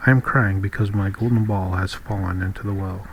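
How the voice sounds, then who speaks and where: A man's voice: sits low, steady tone, fairly quick, a little hiss or hum, rough recording. A man voicing a spoiled young princess in a storybook, eager and dismissive.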